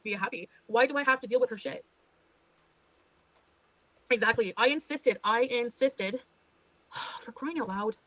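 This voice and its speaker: A woman's voice: fairly high pitch, moderate pace, pauses often, pushed and bright, no echo, low-quality recording. A woman ranting defensively on a livestream, exasperated and swearing as she talks. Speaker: livestreamer being reacted to. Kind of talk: heated livestream rant.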